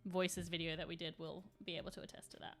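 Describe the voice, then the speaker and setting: A woman talks through a live stream in a bright, clear voice. She rambles in a chatty way and answers her chat while she paints. Faint music plays quietly behind her. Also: lowish voice, flat delivery, quick pace.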